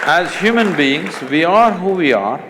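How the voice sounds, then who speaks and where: A middle-aged man with an Indian accent, a spiritual teacher in a stage conversation, talking emphatically with teasing asides and slow deliberate stresses. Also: a little high, animated, crowd noise, noisy background.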